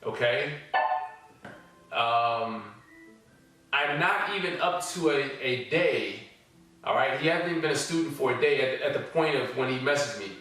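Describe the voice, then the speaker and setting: A man's voice: mid-range voice, animated, unhurried, long pauses, sharp tone, very echoey, far from the mic, soft background music, rough recording. A man teaching a forex trading course. He reads student testimonials aloud and comments on them in a casual, repetitive way, often checking in with "all right?" and "okay?".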